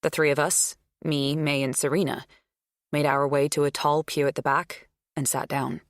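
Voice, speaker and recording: Low-voiced woman narrating an audiobook. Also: level tone, moderate pace, no echo, studio quality. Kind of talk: first-person audiobook narration.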